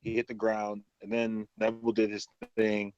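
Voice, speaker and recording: A man's voice: lowish voice, completely flat delivery, moderate pace, a little mellow, clean tone, muffled recording. A man co-hosting a casual wrestling podcast, rambling through a match recap with lots of fillers and laughs. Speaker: podcast co-host. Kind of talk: casual chat.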